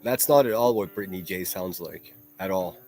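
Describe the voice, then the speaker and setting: A man's voice: low voice, normal speed, darkish tone, faint music behind. A man hosting a solo livestream, ranting in a profane, mocking and combative way. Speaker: livestream host.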